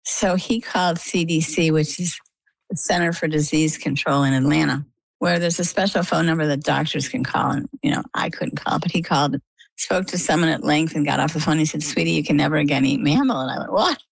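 Low, gravelly middle-aged woman storyteller. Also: brisk, no echo, rough recording. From Maine, USA. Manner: animated storyteller acting out quoted dialogue. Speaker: interview guest. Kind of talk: conversational storytelling.

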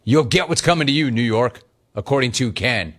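A man hosting a sports talk radio show, animated and emphatic, swinging between loud and soft. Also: mid-range voice, a little fast.

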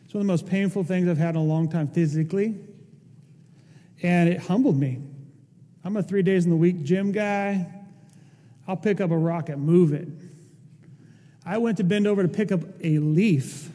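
Male pastor, high warm voice, impassioned sermon delivery, church hall reverb. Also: moderate pace, pauses often. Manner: impassioned, rising to emphatic peaks.

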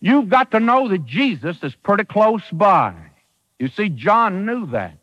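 Lively, high-pitched old-time radio preacher. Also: male voice, unhurried, in a large hall, poor audio. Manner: folksy, emphatic preaching with dramatic quoted voices. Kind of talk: radio sermon.

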